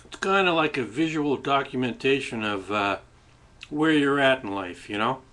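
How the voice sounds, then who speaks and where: A man's voice: medium pitch, expressive, normal speed, fairly bright tone. A man hosting his own webcam show, musing in a casual, rambling way while eating, with many restarts. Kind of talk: casual reflective webcam monologue. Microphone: webcam microphone.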